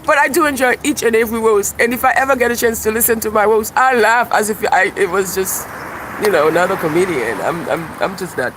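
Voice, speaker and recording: High-voiced man ranting outdoors by traffic. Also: a little fast. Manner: animated, profane, laughs at his own jokes. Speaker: YouTube livestreamer and self-described comedian. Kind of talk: rambling live-stream monologue. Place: outdoors by a busy street with birds. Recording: outdoor street traffic noise. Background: passing cars and birdsong.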